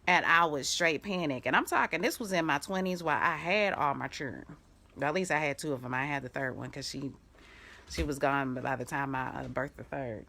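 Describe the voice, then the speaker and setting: A low, gravelly-voiced middle-aged woman talks live as a life coach. She tells stories in an animated way, breaking into quick laughs, then turns firm and direct when she gives commands. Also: slight background noise. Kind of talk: motivational live video talk.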